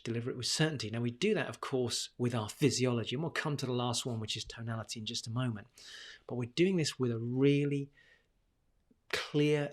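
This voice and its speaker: A man teaching confidence and communication to camera, with deliberate, emphatic delivery and punchy pauses. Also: medium pitch. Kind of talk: instructional talk to camera.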